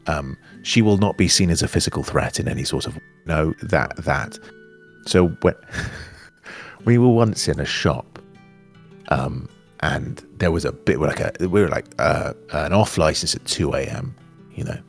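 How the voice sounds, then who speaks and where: English guy, posh rp accent, low gravelly voice, gets worked up and restarts a lot, faint music under. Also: a little slow. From England. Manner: animated, candid, trails off and restarts. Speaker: interview guest, actor. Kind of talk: casual chat.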